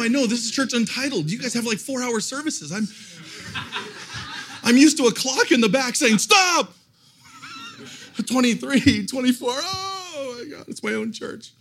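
A middle-aged man preaching a sermon at a church service, telling his story with animated, self-mocking humor and quick restarts. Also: very high voice, slightly rough. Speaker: guest pastor.

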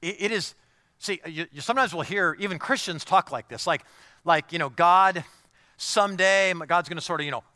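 A male pastor with a bright, forceful tone and a slightly high voice delivers a sermon. He drops to hushed, almost whispered intimacy, then rises into emphatic preaching, asking the congregation direct questions. The sound is dry and close. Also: brisk, no room sound.

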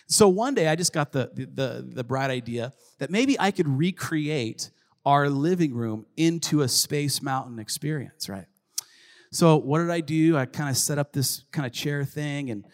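A rambling, animated man in his thirties tells a family story, his voice sitting a little high. Lots of fillers and restarts. The sound carries a long hall reverb. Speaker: co-host of a faith talk show. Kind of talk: casual storytelling with a spiritual lesson.

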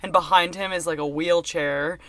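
This speaker gushes about favorite scenes in a casual chat, bright and forceful in tone. They narrate with eager reactions and act out short quoted lines, with a middle pitch. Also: steady tone, normal speed, no echo. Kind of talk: casual chat recapping a movie.

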